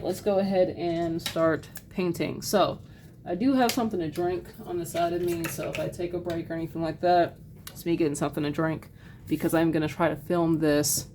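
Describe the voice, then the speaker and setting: Low-voiced woman teaching painting. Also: slight background noise. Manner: relaxed, chatty, many fillers and apologies. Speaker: art teacher. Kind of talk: casual painting tutorial.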